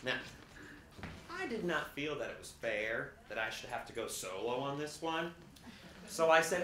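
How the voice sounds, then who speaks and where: A man's voice: mid-range voice, normal speed. Sardonic man performing a stage monologue. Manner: sardonic, lively character voices. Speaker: stage actor in a one-man show. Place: theater stage with live audience. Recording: roomy theater sound with noise.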